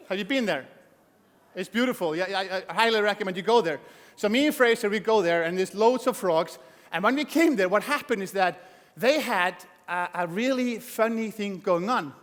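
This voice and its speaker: Lively man on stage in an echoing hall. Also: high-pitched. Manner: energetic, joking, asks the audience questions. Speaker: motivational speaker. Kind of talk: motivational talk on stage. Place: event hall. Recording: long hall reverb.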